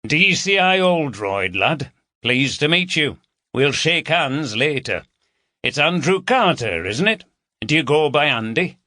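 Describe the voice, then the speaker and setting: A man's voice: fairly high pitch, very animated, sharp tone, no echo, studio quality, voice pushed up, heavily acted. A man voicing a jovial, teasing male chief inspector with a Yorkshire accent. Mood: hearty. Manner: hearty, teasing, brisk.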